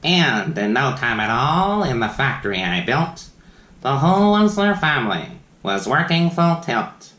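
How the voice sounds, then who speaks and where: A man's voice: medium pitch, sing-song, unhurried, sharp tone. A man reads a rhyming children's book aloud, his voice swooping widely up and down. He takes his time and stops for playful asides to his young listeners. The sound carries a roomy echo. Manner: sing-song rhyming reading with playful asides. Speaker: children's story reader.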